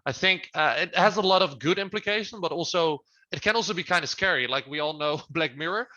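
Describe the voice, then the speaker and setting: Bright-voiced man, halting guest. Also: a little high, lo-fi sound. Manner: halting, many fillers and restarts. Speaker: guest, project founder. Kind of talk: casual interview over video call.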